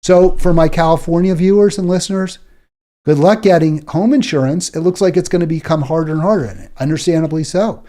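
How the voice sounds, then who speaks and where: A man's voice: fairly high pitch, brisk, mellow. A man hosting a political talk show, delivering an indignant, exasperated monologue and stumbling over repeated words when worked up.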